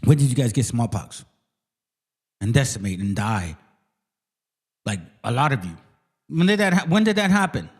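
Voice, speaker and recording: A man's voice: medium pitch, big pitch swings, normal speed, long pauses, slightly rough. A man hosting his channel, ranting through biblical commentary with heavy swearing and repeated challenges to viewers. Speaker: channel host. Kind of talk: profane biblical commentary rant.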